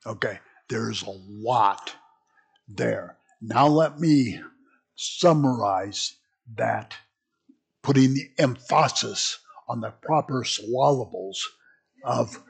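Male Bible study teacher, slow and husky, rambling asides. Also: medium pitch.

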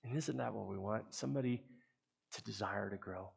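A middle-aged man preaching a sermon, telling stories in an earnest way that often trails off softly. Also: fairly low pitch, fairly quick, gravelly, slight background noise. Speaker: pastor.

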